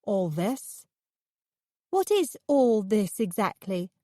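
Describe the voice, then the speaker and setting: A woman voicing a naive, excitable young woman painter in an audiobook, squealing and eager. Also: medium pitch, slow pace, no room sound, clean studio sound.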